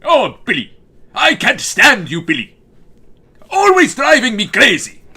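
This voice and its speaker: A man's voice: very high voice, wildly swooping pitch, unhurried, bright, forceful tone, breathy edge, voice pushed up, exaggerated voice. Man putting on a grumpy reaper with a put-on Jamaican accent. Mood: exasperated.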